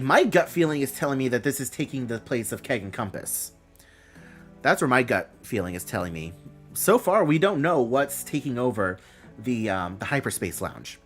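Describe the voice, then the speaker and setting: A man hosting a live stream, reading out announcements and thinking aloud with a rambling, casual manner. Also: medium pitch.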